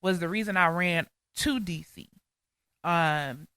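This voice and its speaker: A woman co-hosting a faith podcast, recounting a personal testimony with earnest feeling. Her voice is crisp and smooth with a bright, forward edge. The sound is dry and close, with no room around it. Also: lowish voice, takes it slowly, no room sound. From Georgia, US. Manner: earnest, heartfelt storytelling. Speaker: podcast co-host.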